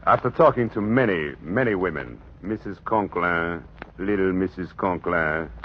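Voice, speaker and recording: A man's voice: deep voice, normal speed, natural voice. An actor playing a courtly middle-aged Frenchman with a French accent who speaks formal, broken English, in 1940s radio acting. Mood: earnest. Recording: dull old radio broadcast with faint hiss.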